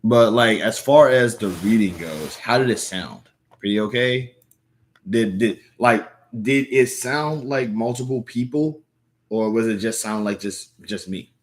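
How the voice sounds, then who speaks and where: A man's voice: lowish voice, measured pace. A young man chatting casually on a live stream, rambling with lots of fillers and restarts. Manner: rambling, filler-heavy, self-correcting. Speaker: livestreamer reading comics aloud. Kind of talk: casual live-stream chat and comic read-aloud.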